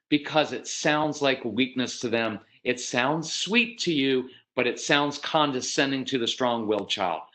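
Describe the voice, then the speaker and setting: A middle-aged American man giving a parenting workshop talk, direct and matter-of-fact, often slipping into quick acted voices of parents and kids. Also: medium pitch, bright, forceful tone, poor audio. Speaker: parenting speaker.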